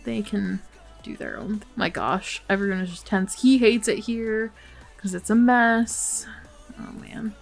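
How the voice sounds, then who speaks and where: A woman's voice: mid-range voice, measured pace, gravelly, faint music behind. Chatty woman commenting on her game. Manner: chatty, sympathetic, many fillers like "like" and "um". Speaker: let's play host. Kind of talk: casual gameplay commentary.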